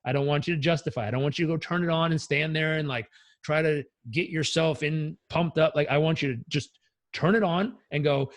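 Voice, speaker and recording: A man, a life coach, telling stories in a casual interview, energetic and blunt, swearing freely. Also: on the high side, fairly quick, dry recording.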